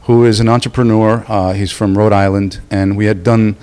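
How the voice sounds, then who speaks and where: Guest interviewee, male, lowish voice, halting and casual, lots of "uh". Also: little pitch movement, a little mellow, smooth. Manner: halting, many fillers and restarts. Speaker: convention co-founder, interview guest. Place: club venue at an event.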